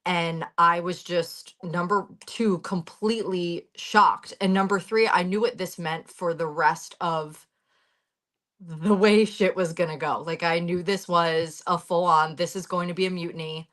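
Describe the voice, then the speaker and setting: A woman's voice: on the low side, steady tone, a little slow, fairly bright tone. A woman in her thirties, a guest on a talk show, telling a personal account bluntly, with swearing and heated urgency over a video call.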